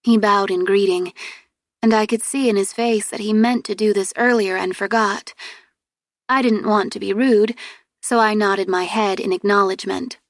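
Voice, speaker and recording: A woman narrates a novel in the first person, clear and steady in her storytelling. Her mid-range voice sits close and dry with no room around it. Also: mid-range voice, normal speed, no room sound. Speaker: audiobook narrator.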